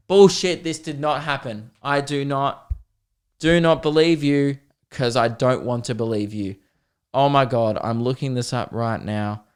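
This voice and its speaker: A man's voice: mid-range voice, moderate pace, clean tone. A man in his twenties with an Australian accent, hosting a solo comedy podcast in a sweary, rambling, self-deprecating way.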